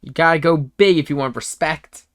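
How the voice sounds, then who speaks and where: A man's voice: on the high side, normal speed, a bit bright, no echo, studio quality, close to an everyday voice. A man voicing an eager, naive young male adventurer who boasts with overconfidence. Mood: boastful. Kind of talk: tabletop role-play in character.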